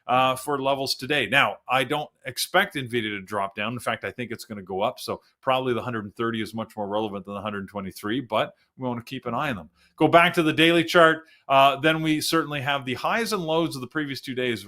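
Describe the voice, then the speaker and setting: Bright-voiced Canadian man hosting a trading show. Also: medium pitch. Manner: casual, chatty, explains charts step by step. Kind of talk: live-stream market chat.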